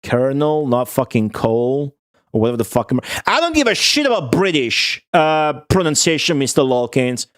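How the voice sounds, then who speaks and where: A man's voice: medium pitch, big pitch swings, moderate pace, a bit bright. A young man streaming a retro game, chatting casually and profanely with his viewers and answering their messages. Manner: profane, offhand, answers chat. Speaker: streamer playing retro games. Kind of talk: casual live-stream chat.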